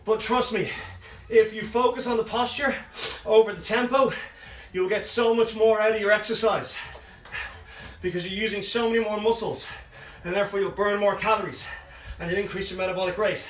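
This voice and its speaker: Heard from a distant mic in a roomy space with faint music, a man instructs a live home workout, winded as he counts down reps and offers encouragement. His high-pitched voice is brisk and fairly bright, with fairly even intonation.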